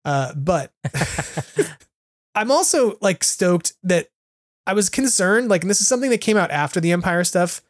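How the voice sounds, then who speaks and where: A man co-hosting a casual podcast chat, rambling and animated with lots of fillers. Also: high-pitched, measured pace, no room sound. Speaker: podcast co-host.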